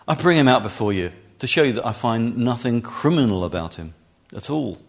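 A man's voice: medium pitch, lively intonation, a little fast, creaky, pitched above the performer's own voice. A man reading as Pilate, a stern Roman governor. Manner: questioning, pressing.

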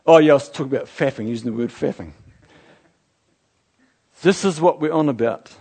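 Fervent husky-voiced male pastor from New Zealand. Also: mid-range voice, fairly quick, a little mellow. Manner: impassioned, rising to fervent exclamations. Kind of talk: sermon.

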